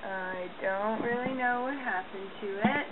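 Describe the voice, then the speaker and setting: A young woman chatting casually in a home video, cooing to her dog now and then in a high voice. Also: measured pace. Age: young adult. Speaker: vlogger. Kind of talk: casual chat. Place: home room. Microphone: laptop webcam mic. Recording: tinny lo-fi webcam audio with hum.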